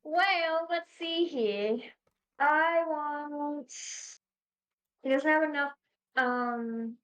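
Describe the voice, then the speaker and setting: A woman's voice: high voice, extremely slow, a bit bright, muffled recording. A woman playing a tabletop game on stream, thinking aloud hesitantly and giggling. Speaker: player.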